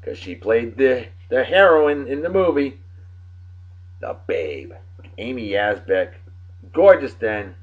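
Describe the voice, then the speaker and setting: Husky-voiced man reading movie trivia. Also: medium pitch, darkish tone, muffled recording. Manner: offhand asides and wry comments. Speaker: host.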